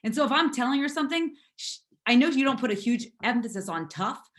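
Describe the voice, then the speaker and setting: A hoarse woman leading a motivational team call, emphatic and repetitive as she urges her team on. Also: on the high side, lively intonation, quick pace. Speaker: network marketing team leader.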